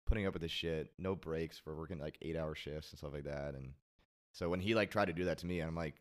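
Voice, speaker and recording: A man with a low, deep voice, chatting as a guest on a talk show. He rambles through his story with plenty of fillers and the odd swear word. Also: fast talker. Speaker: podcast guest. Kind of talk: casual chat.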